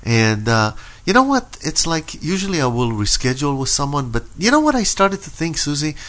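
A man's voice: on the high side, big pitch swings, brisk, a bit bright. A man hosting a radio talk show, chatting in a laid-back way, swearing and saying "you know" a lot. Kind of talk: casual chat.

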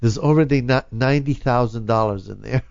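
A man's voice: mid-range voice, fairly quick, gravelly, background noise. A man hosting a radio talk show, chatting casually in a loose, rambling way full of fillers. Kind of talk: casual chat. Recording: dull lo-fi radio sound.

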